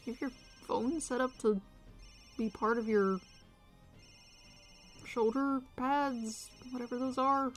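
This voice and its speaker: A woman's voice: on the high side, fairly even intonation, takes it slowly, pauses often. A woman streamer giving casual, wry, joking commentary on a game, sometimes swearing, with faint music behind.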